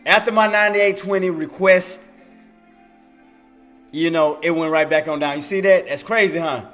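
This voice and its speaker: A high-pitched man gives live trading commentary, joking and laughing as he goes. He repeats phrases over and over to hype himself up, and faint music plays behind him. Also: normal speed, a bit bright. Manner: playful, laughs often; repetitive, hypes himself up. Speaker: day trader streamer.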